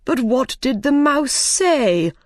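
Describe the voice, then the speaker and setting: A woman's voice: high voice, big pitch swings, takes it slowly, a little mellow, dry recording, clean studio sound, voice pushed up, full character voice. A woman putting on a bossy storybook king. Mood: commanding. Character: bossy male king, quick to threaten.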